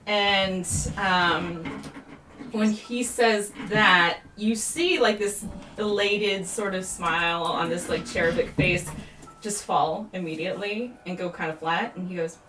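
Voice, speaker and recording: A woman's voice: medium pitch, slow pace, pushed and bright, a little hiss or hum. Woman game master, rambling, filler-heavy narration, roomy echo, mic set back. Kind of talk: live-streamed tabletop game narration. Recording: roomy echo, mic at a distance, music behind.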